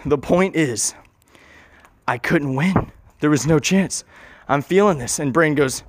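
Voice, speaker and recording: A man with a fairly high voice improvises a wild story casually, speaking a little slowly and pausing often in a dry recording. He rambles, corrects himself, and throws in joking asides.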